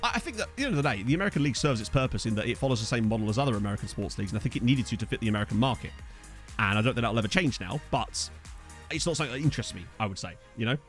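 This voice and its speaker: A man's voice: medium pitch, animated, racing, soft background music. A tired man chatting casually as a game streamer, rambling and self-deprecating while answering viewers, with lots of fillers. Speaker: gaming streamer. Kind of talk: casual let's-play chat reading viewer comments.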